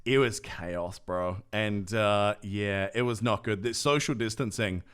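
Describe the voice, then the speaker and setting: Lowish guy on a podcast, chatty story, does little voices for people. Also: unhurried, clean tone. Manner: animated storyteller who acts out other people's lines. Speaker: podcast co-host. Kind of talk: casual storytelling chat.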